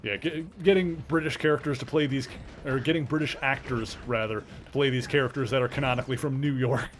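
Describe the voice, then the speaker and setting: A man's voice: mid-range voice, a little fast, faint music behind. A man with a mild Canadian accent, chatting casually while streaming a game, rambling with lots of fillers and restarts. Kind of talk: casual chat while gaming.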